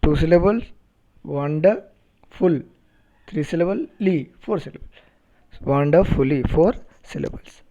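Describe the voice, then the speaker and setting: A man with an Indian English accent teaching a phonetics lesson, speaking slowly and deliberately and repeating words to model their pronunciation. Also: a little high, lively intonation, mellow. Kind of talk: recorded phonetics lecture. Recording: dull lo-fi recording.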